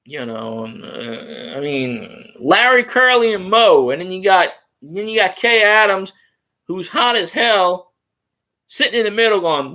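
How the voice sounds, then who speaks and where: Rambling New man, lively voice. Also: sits high, unhurried. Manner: loose, rambling and crude, with fillers. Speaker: fan vlogger. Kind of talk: casual rambling fan vlog.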